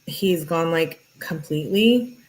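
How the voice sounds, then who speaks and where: A woman's voice: deep voice, expressive, takes it slowly. A woman hosting a true crime channel, chatting casually and thinking aloud as she reads through text messages.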